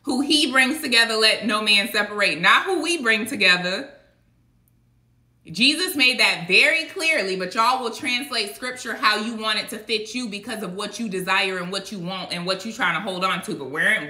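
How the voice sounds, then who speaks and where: Woman, colloquial devotional preacher; sharp, bright tone; recorded in a roomy space. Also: mid-range voice, lively intonation, moderate pace. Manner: emphatic, colloquial, rhetorical. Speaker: online preacher. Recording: echoey room.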